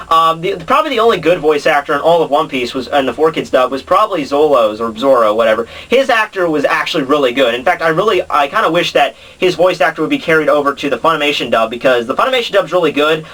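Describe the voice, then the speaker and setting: A man's voice: a little high, pushed and bright, recorded from a distance, low-quality recording. A man hosting a casual anime commentary, ranting in an exasperated, sarcastic way full of fillers.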